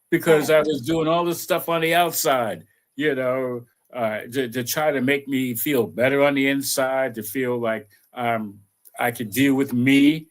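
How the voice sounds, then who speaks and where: A man giving an unhurried, conversational spiritual talk and leading affirmations, with many "you know"s. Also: mid-range voice, fairly bright tone. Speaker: spiritual teacher.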